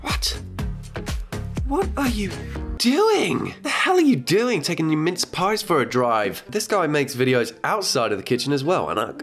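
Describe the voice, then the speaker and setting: A man's voice: a little high, very animated, normal speed, hardly any pauses, fairly bright tone, faint music behind. A young man giving comedic reaction commentary, exasperated and sweary, with grossed-out outbursts.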